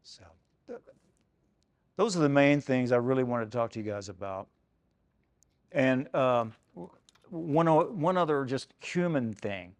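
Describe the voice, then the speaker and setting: A man's voice: medium pitch, lively intonation, a little slow, long pauses, no room sound. An older man giving a saxophone workshop, talking loosely and conversationally, with many "you know"s and "man"s. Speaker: saxophone clinician. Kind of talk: casual spoken workshop talk. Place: music shop event space.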